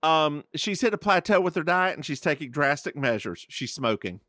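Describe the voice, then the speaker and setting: Playful, animated male podcast co-host. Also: fairly high pitch, moderate pace, no echo, clean studio sound. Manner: teasing, playful, repeats phrases for comic effect. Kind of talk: casual chat.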